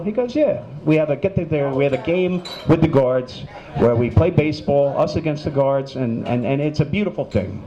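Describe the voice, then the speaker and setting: A man's voice: a little high, expressive, brisk, few pauses, highs cut off. A man telling crude stand-up jokes and bantering with the audience. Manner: heckle-tossing, loud crude storyteller. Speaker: comedian. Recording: live club with crowd noise.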